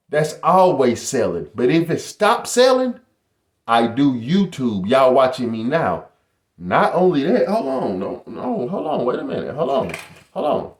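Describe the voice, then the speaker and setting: A middle-aged man talks straight to his viewers in a casual home vlog. His pitch swings widely as he boasts and hypes up his audience, and the room gives his voice a noticeable echo. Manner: animated, boastful, addresses viewers as "y'all". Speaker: YouTuber.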